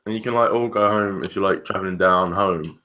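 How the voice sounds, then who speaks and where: A man's voice: low-pitched, a little fast, bright, forceful tone. A young English man, a student co-hosting a podcast, talking casually and hesitantly with many fillers. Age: young adult. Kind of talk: casual chat.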